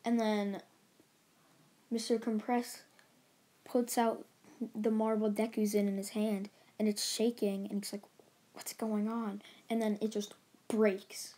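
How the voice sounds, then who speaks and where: A woman hosting her own channel rambles through a casual story recap, often restarting her sentences and leaning on filler words. Her voice stays mellow and low in brightness, and her pitch barely moves. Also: level tone, slow, pauses often. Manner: rambling, loose retelling with many restarts and "like"s. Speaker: channel host.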